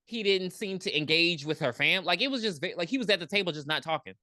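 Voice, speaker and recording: Low-voiced, blunt woman podcaster. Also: fast, dry recording. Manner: blunt, profane, animated. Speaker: podcast co-host. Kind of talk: casual movie recap chat.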